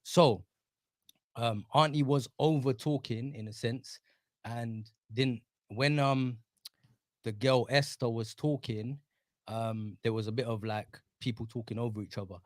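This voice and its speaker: A man's voice: mid-range voice, fairly even intonation, a little slow, dry recording. A man insistently explaining a story in a podcast discussion. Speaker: podcast guest. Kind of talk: casual explaining.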